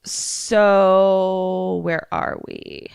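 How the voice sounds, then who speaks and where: A woman's voice: mid-range voice, drawn-out words, gravelly, smooth, no echo. Dry-sounding woman retelling a movie plot. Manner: animated storyteller, acting out characters' lines; swears casually. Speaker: podcast co-host.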